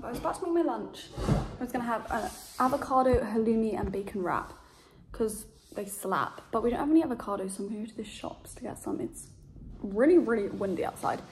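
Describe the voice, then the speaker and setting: A woman's voice: fairly high pitch, a little mellow, far from the mic, slight background noise. A young woman in her twenties chatting casually in a home vlog, rambling, trailing off and swearing freely. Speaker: vlogger. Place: home, indoors.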